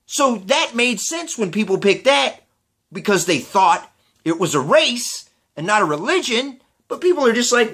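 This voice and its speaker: A man's voice: high-pitched, big pitch swings, measured pace, a bit bright. A man ranting sarcastically to camera, profane and exasperated as he talks through street interviews. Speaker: vlogger. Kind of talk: ranting commentary.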